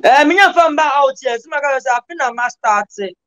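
A man with a Ghanaian accent trades playful banter as an interview guest. His voice sits high. He talks in a loose, rhythmic way and keeps breaking into chanted freestyle lines. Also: animated, a little fast, a bit bright, poor audio. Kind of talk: casual interview banter mixing Ghanaian Pidgin and Twi.

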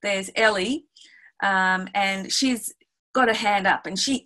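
A woman's voice: medium pitch, lively intonation, moderate pace, a bit bright, low-quality recording. A middle-aged woman, a music educator, explaining classroom activities step by step in a webinar and acting out her exchanges with the class. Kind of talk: webinar teaching talk.

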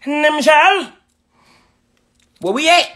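A man hosting a livestream, loud and hyped, swearing and shouting to his viewers. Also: very high voice, lively intonation, very slow. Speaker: livestream host.

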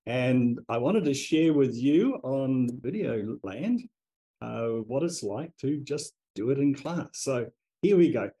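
A man's voice: mid-range voice, animated, takes it slowly, dark tone, poor audio. A man teaching a language class, enthusiastically leading the group through chanted call-and-response drills.

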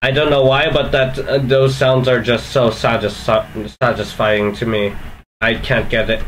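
A man hosting a reaction video, talking in a rambling, relaxed, chatty way. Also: mid-range voice, slight background noise, low-quality recording. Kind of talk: casual reaction commentary.

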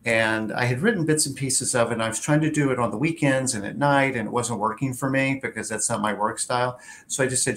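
Man host, mid-pitched, easygoing anecdote-teller, faint room noise. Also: fast, fairly bright tone. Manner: chatty, tells anecdotes, hedges with "like" and "you know". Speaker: host of a career show. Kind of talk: casual interview chat.

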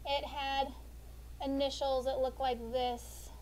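A high-pitched woman leads a sixth grade vocabulary lesson. She talks in a chatty, explaining way, leaning on everyday examples and tagging many points with a quick "okay?". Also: flat delivery, darkish tone, slight background noise, rough recording.

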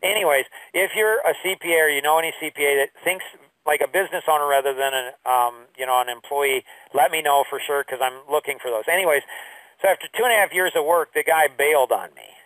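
A man teaching a business course through rambling stories, full of fillers, his voice jumping high when he quotes people. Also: quick pace, a bit bright, no room sound, far from the mic, poor audio. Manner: rambling storyteller with many fillers. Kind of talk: anecdotal online lesson.

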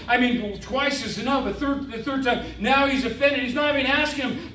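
A middle-aged man preaching a sermon as a visiting evangelist, animated, with stammered restarts and frequent amens. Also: extremely high pitch, fairly quick, few pauses, recorded from a distance, slight background noise. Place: church sanctuary. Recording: echoey church, voice from afar.

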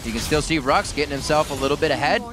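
Excitable male esports caster. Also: fast talker, music in the background. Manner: erupts into high-pitched excitement during fights. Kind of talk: play-by-play commentary.

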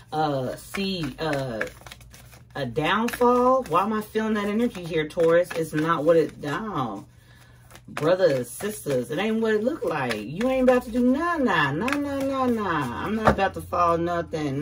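A woman giving a casual tarot reading to her viewers, chatty and slangy, breaking into sing-song exclamations. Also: on the low side. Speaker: tarot card reader. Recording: distant mic with clear background noise.

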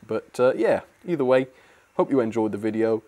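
A young British man talks through a model train review in a loose, chatty way, with plenty of chuckles and frank opinions. His voice sits a little low for a man. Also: animated, normal speed, mellow. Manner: chatty, laughs often, blunt opinions. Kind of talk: casual video review.

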